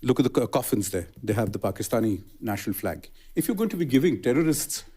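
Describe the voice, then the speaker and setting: A man speaking as an official in a television interview, measured and halting. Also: medium pitch, sing-song, warm tone, breathy edge. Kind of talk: formal TV interview answers.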